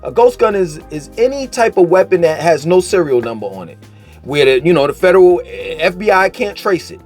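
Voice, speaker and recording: A man with a high, lively voice rants straight to camera in a casual commentary. His delivery is animated and profane, swinging between mockery and insistence. His pitch leaps around constantly. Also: fairly quick, soft background music. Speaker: vlogger.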